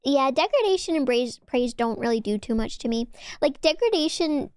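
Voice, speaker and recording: A young woman with a Valley Girl accent chatting on her stream, talking loosely with lots of "like"s and sometimes dropping to a soft whisper. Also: animated, normal speed, no room sound. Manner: chatty, filler-heavy with many "like"s, dips into low whispers. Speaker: VTuber streamer. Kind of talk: casual chat stream.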